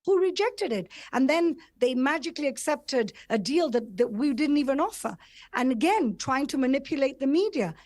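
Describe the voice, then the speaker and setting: A woman's voice: high-pitched, animated, moderate pace, a little mellow. A woman with an English accent, speaking as a government spokesperson in a televised debate and pressing her points over interruptions. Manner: insistent, talks over interruptions.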